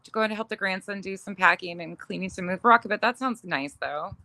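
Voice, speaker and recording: A woman's voice: mid-range voice, brisk, pushed and bright. A middle-aged woman chatting casually on a livestream, reading viewer comments, laughing often and swearing casually. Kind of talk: casual chat.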